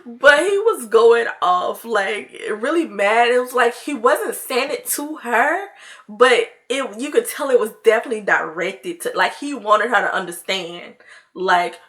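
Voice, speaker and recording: A woman's voice: fairly high pitch, unhurried, fairly bright tone. A woman vlogger telling a story in casual chat, with laughing asides to her viewers.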